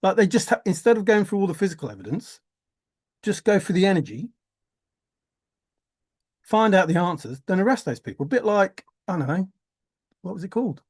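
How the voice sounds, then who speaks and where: A man's voice: sits high, sing-song, a little fast, pauses often, darkish tone, slightly rough, no echo, clean studio sound. A man talking through a rambling vlog monologue, musing aloud, swearing casually and laughing to himself. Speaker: vlogger.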